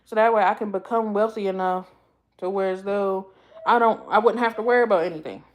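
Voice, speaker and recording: A young woman from the US East Coast talks casually on a livestream, in a voice that sits at an ordinary middle pitch. She speaks in a heartfelt, rambling way, circling back and repeating her phrases as she talks straight to her viewers. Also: fairly quick, a little hiss or hum. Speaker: YouTube livestream host.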